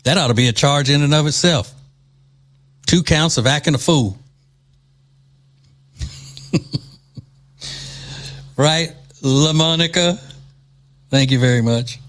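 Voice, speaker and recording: A man from Louisiana hosting a political talk show, delivering mocking, indignant commentary. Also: medium pitch.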